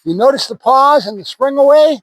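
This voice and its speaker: A man's voice: extremely high pitch, animated, fairly quick, no room sound, low-quality recording. A man who trains dogs, talking casually to the camera outdoors between words of praise to a puppy. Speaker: dog trainer.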